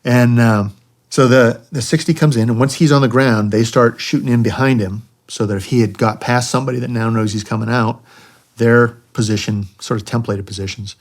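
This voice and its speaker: A man's voice: medium pitch, fairly even intonation, a little fast. A middle-aged American man, a retired army helicopter pilot, recounting combat missions as a podcast guest in a conversational way, often saying "you know.". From United States. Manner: conversational, acts out quoted voices, frequent "you know". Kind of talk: candid war storytelling. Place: podcast studio.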